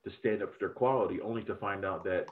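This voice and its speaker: A man's voice: low voice, fast talker. A man in casual review chat, rambling and profane as he gives strong opinions on films. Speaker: film critic podcast host. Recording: tinny phone-like line.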